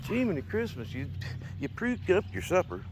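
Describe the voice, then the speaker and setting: A man's voice: high voice, huge pitch swings, normal speed, background noise. A man talking casually outdoors to his dog, coaxing and scolding it with exasperated chuckles. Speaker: dog owner. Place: outdoors near a house and garage.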